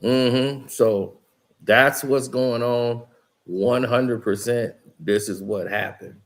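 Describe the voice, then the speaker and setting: A man's voice: mid-range voice, fairly even intonation, takes it slowly. A man hosting a basketball channel, telling a locker-room story in a slangy, emphatic way and acting out what people said. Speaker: basketball commentator channel host. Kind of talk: casual storytelling monologue.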